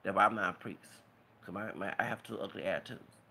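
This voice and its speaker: A man's voice: fairly low pitch, fairly even intonation, fast, vocal fry, bright, forceful tone, a little hiss or hum. A man giving an emotional, preachy, rambling rant as a vlogger. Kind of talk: impassioned rant to camera.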